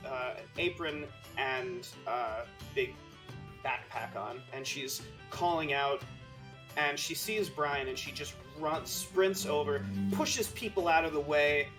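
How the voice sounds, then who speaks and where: A game master narrating a tabletop game with lively, laughing narration. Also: medium pitch, slow, over music.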